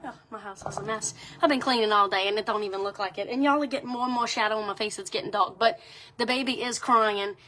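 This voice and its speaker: A woman's voice: mid-range voice, fast talker, pushed and bright, a little hiss or hum. A young woman with a Southern US accent, chatting casually on a livestream, greeting viewers and saying y'all a lot. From Louisiana. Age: young adult. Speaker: livestream host. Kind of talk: casual chat to live viewers.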